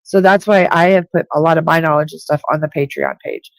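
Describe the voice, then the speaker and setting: A psychic reader hosts a live-stream intuitive reading, talking straight to each listener and repeating key points for emphasis. Her low, gravelly voice is steady and brisk, recorded close and dry with no room sound.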